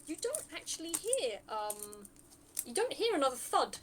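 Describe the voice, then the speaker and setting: Lady gm, fairly high voice, chatty, thinks out loud, lots of ums. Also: sing-song, normal speed, background noise. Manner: chatty, thinks aloud, many fillers. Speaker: game master. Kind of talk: narrating a tabletop game.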